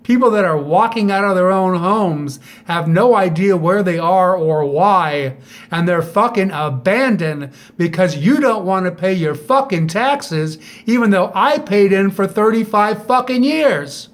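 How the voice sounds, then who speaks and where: Angry middle-aged man, high voice. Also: expressive, measured pace. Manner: bitter, profane, sharp rhetorical jabs. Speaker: vlogger. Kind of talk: angry monologue to camera.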